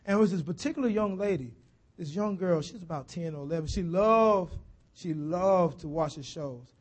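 A man preaching a sermon in a rhythmic, repetitive style that builds into shouted lines. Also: sits high, normal speed.

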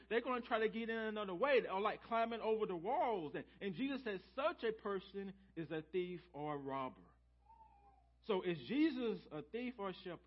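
A man's voice: sits high, lo-fi sound. A male pastor preaching a sermon to his church, calling out to the congregation and repeating key phrases for emphasis. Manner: preaching with call-and-response and repetition. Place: church sanctuary.

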